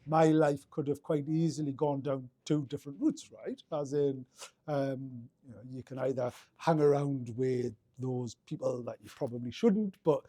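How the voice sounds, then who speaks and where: Geordie man, soft dark voice. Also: medium pitch, normal speed, no echo, clean studio sound. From Northeast England. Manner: rambling, many restarts and fillers. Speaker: guest. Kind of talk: casual interview storytelling.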